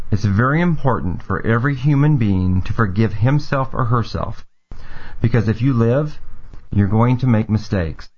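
An American man hosting a segment, giving an earnest, calm, encouraging reflective monologue. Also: on the low side. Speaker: segment host. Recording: dull lo-fi sound.

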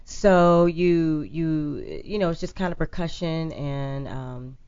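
A woman from Arizona with a deep, raspy voice chats easily as a guest on a studio radio show. The sound is dull and lo-fi, like an old radio recording. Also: animated, takes it slowly, darkish tone. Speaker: guest singer-songwriter. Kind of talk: radio interview.

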